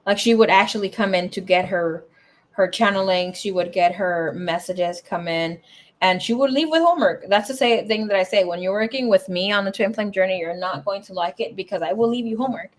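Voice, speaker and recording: A woman's voice: medium pitch, brisk. A young adult woman giving a casual tarot reading, chatty and emotional, swearing and tearing up as she talks. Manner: emotional, swears, laughs and tears up. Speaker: tarot reader.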